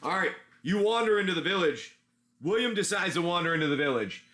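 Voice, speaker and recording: A man's voice: high voice, expressive, fairly quick, pushed and bright. A man running a casual tabletop-style adventure as game master, rambling with many restarts.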